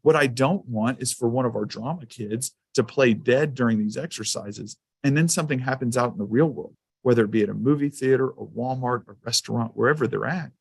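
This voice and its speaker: A man of middle pitch gives a school safety presentation, mixing guidance with personal stories. He talks casually, with plenty of "um"s and small restarts. The sound is dry and close, with hardly any room in it. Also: brisk, creaky, few pauses, breathy edge, no echo. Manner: conversational storytelling with fillers. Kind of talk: anecdotal presentation to a council.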